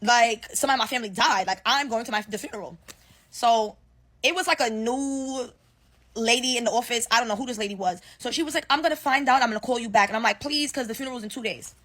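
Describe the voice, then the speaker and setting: Fast-talking, profane young woman ranting. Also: fairly high pitch. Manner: animated, profane, slangy storytelling with acted-out quotes. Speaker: storyteller ranting about work. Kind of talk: casual storytime rant. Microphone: phone selfie video.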